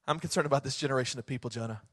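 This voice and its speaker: A man voicing God as a deep, calm voice that gently scolds during a sermon. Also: racing. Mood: gently chiding.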